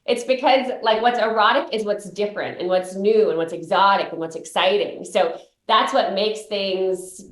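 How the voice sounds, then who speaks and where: A woman founder talks fluently and brightly about her product as a guest on a radio show. Her voice comes through a roomy, echoey line. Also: mid-range voice, normal speed, hardly any pauses. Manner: fluent, upbeat explaining. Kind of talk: radio interview.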